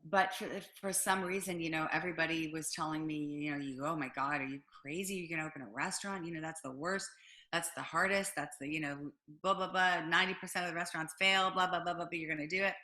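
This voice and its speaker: Bright-voiced woman telling a story. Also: low voice, quick pace. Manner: animated storyteller, acts out quotes, frequent fillers. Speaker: guest, business owner. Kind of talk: storytelling in an interview.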